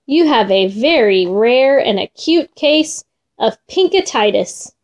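A woman voicing a firm, no-nonsense doctor who gives instructions in a measured way. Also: fairly high pitch, animated, darkish tone. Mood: stern.

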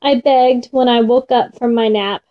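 A woman reading a children's storybook aloud in an expressive, gentle way. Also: a little high, unhurried, muffled recording.

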